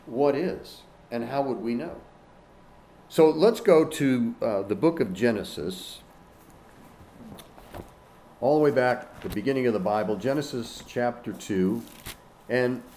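Male preacher, measured delivery, pitch rising and falling a lot, emphatic and questioning. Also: darkish tone, slight background noise. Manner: emphatic, questioning, reads scripture aloud. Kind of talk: sermon.

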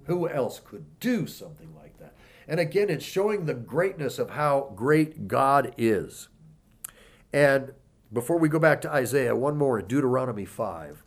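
Man preaching with slow emphatic scripture reading. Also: medium pitch, big pitch swings. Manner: emphatic scripture reading, slowing for key words. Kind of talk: sermon.

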